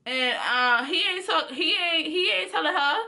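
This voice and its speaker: High, bright young woman vlogger. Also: normal speed, gravelly. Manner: animated, chatty, speaks straight to viewers. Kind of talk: casual storytime.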